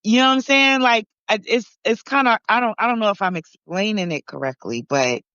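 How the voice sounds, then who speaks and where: Speaking briskly in a medium-pitched, fairly bright voice, a podcast participant with roots in Barbados and New York meanders through casual conversation, full of fillers and false starts. The audio is dry with no echo yet sounds dull and lo-fi.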